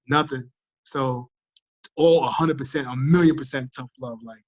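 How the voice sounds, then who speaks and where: Husky trinidad-born guy, tired and sick, acts out all the voices, dry sound. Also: medium pitch, moderate pace, no room sound. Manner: animated storyteller, acts out quoted voices. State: fatigued, recovering from illness. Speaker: guest, firefighter recovering from illness. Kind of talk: casual interview over a call.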